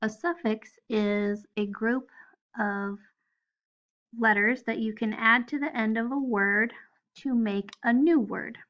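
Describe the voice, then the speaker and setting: A woman's voice: on the high side, fairly even intonation, slow pace, fairly bright tone, highs cut off. A woman teaching a phonics lesson to first graders, patiently spelling out letters one at a time. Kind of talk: recorded phonics lesson for children.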